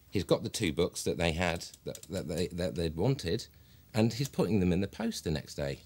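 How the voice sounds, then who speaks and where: An actor playing a stiff, self-important publisher who became a wooden amateur actor, giving a deadpan mock documentary interview. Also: male voice, deep voice, exaggerated voice. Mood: pompous. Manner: deadpan, pompous.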